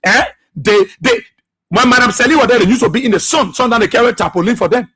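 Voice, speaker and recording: A Liberian man hosts a radio talk show, hammering his points home with fervent repetition like a preacher. His voice sits high and sounds bright and forceful, with a husky edge. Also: very fast. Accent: Liberian English. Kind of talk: political commentary monologue.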